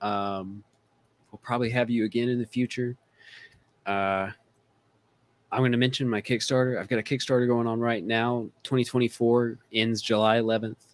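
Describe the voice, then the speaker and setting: A man's voice: medium pitch, flat delivery, moderate pace. A man hosting a casual podcast chat who laughs often while joking. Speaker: podcast host.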